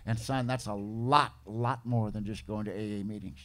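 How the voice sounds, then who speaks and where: A man voicing an older male sponsor who talks bluntly and calmly, in a fatherly way. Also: on the low side, normal speed, close to an everyday voice.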